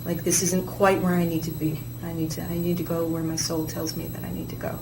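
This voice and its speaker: A woman's voice: fairly low pitch, level tone, a little fast. A woman with a theater degree, speaking earnestly and reflectively as a guest on a talk show. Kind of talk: casual chat. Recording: echoey room with clear background noise.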